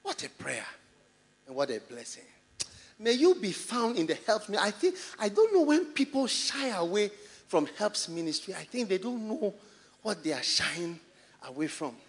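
A man with a Ghanaian English accent preaching a sermon in a church, animated and often laughing as he mimics people's excuses. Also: high voice, moderate pace. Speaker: pastor. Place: large church hall.

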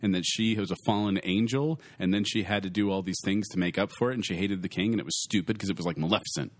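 A man's voice: low-pitched, fast talker. A man co-hosting a casual podcast, joking and bantering while ranking films. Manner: animated, joking, interrupts with running gags. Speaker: podcast co-host.

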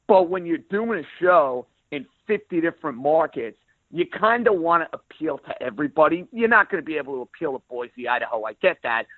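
A sports radio host with a New York accent, a rough-edged voice and an emphatic, plain-spoken way of talking, heard as an interview guest. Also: male voice, fairly high pitch, lively intonation, brisk, dry recording. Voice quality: rough around the edges voice. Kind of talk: interview guest, casual talk. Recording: phone line.

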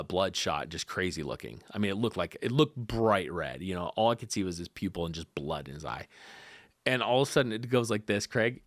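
A man speaking as a podcast guest, telling a personal story in an animated way, laughing often and acting out what people said. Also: mid-range voice, no room sound, studio quality. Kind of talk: conversational storytelling.

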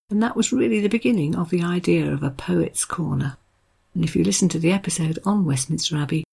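A podcast host walks listeners through history with chatty storytelling and the odd wry aside. The voice has a gravelly texture. It sounds a touch husky, and the pitch sits in the middle range. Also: darkish tone. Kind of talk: informal history talk.

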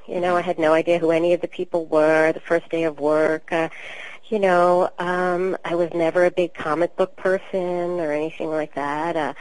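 A woman voice actor from Queens with a New York accent, telling stories in a chatty, relaxed interview. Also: fairly low pitch, poor audio. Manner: chatty, storytelling, relaxed with many fillers. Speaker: voice actor guest. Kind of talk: casual interview talk.

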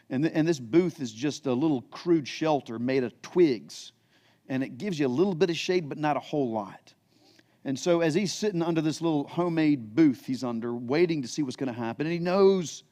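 A middle-aged man preaching a sermon, reading scripture aloud and then retelling it in plain, conversational words, moving between emphatic peaks and quiet asides. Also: fairly high pitch. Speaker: pastor.

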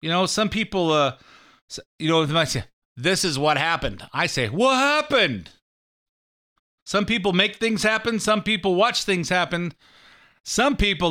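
A man's voice: on the high side, bright, forceful tone. A man hosting a talk show, rambling sarcastically through political commentary. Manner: rambling, sarcastic, mimics catchphrases.

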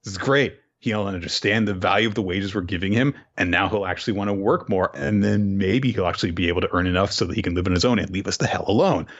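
Low-voiced man recapping manga chapters. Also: quick pace, few pauses, highs cut off. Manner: animated retelling, acts out characters' lines. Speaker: podcast co-host.

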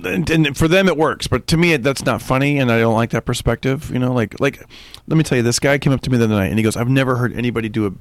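Male comedian, rattles through animated stories, gravelly and quick. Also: mid-range voice, no echo. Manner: rapid, animated storytelling with voices. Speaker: stand-up comedian. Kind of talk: casual podcast chat.

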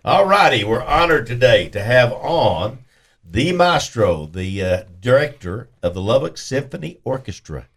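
A man's voice: mid-range voice, big pitch swings, measured pace, a bit bright, husky. A man co-hosting a sports talk radio show, chatty and upbeat. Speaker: radio co-host. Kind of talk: casual chat.

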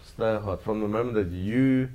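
A man's voice: lowish voice, normal speed, warm tone. A man preaching a sermon to his congregation, earnest and repetitive in cadence. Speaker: pastor.

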